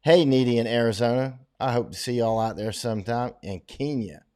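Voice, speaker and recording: Middle-aged male host, casual livestream Q&A, opinionated and rambling, mid-pitched everyday voice. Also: fairly quick, mellow. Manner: rambling, opinionated, frequent restarts. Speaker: host answering viewer questions.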